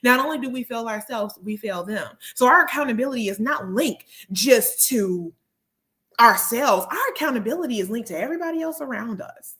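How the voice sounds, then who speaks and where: A woman's voice: fairly high pitch, lively intonation, fairly quick, pushed and bright. A woman hosting a motivational talk show, speaking earnestly and repeating key phrases for emphasis. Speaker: host; therapist and speaker.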